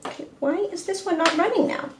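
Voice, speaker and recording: A woman's voice: very high voice, lively intonation, fast talker. A woman hosting a livestream while painting in her home art studio, chatting casually in a rambling, self-deprecating way. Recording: roomy room, faint background noise.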